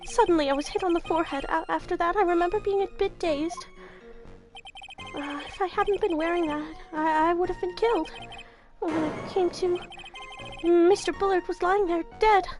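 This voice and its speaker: A jittery young husband , as a woman puts him on, who stammers and squeaks, his voice jumping up high and shaky. He is always on the edge of panic while he testifies in a game. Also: normal speed, darkish tone, soft background music. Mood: nervous.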